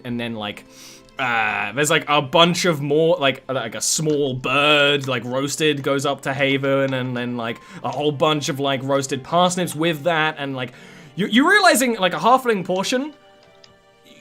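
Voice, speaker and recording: A man's voice: medium pitch, lively intonation, moderate pace, bright, forceful tone, faint music behind. A man narrating as game master of a tabletop game, rambling and laughing as he describes the scene, often trailing off.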